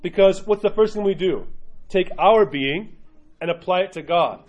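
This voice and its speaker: An Orthodox Christian teacher with a high-pitched, darkish voice leads a religion class, speaking at a moderate yet uneven pace. He frequently pauses to pose questions to the room, and the recording is dull and lo-fi.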